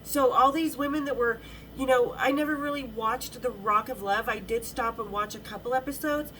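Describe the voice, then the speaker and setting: A woman's voice: on the high side, moderate pace, fairly bright tone, slight background noise, poor audio. A middle-aged woman hosting a podcast, telling a story in a frank, bawdy, chatty way with many restarts. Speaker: podcast host.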